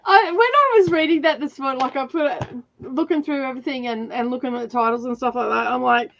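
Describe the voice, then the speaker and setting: A woman hosting a relaxed reading sprint stream, chatting with friends and reading out viewer comments. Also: sits high, fast talker, dull audio, slight background noise. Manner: reads out chat comments, laughs often. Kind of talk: casual chat on a livestream.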